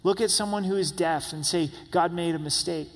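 A man preaches a sermon in a slightly high voice that rings out with a long echo. He lifts his voice for emphasis and drops it low when he voices the people he quotes. The sound is that of a large hall. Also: moderate pace. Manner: preaching with emphatic rises, voicing God and Moses in quotes. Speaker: pastor.

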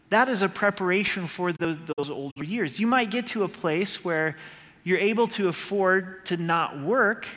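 A male pastor preaching a sermon in a conversational way, slowing down when he quotes scripture. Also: high voice, a bit bright. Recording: long hall reverb.

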